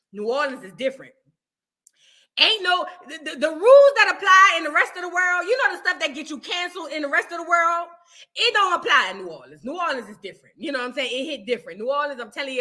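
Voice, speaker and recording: A woman vlogger telling a story in a casual, animated, profane and dramatic way, swinging between shouting and hushed tones. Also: sits high, quick pace.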